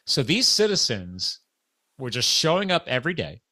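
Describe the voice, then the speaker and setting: Bright-voiced man telling a casual story. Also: medium pitch, moderate pace. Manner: animated, acts out quoted dialogue. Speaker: podcast guest telling a story.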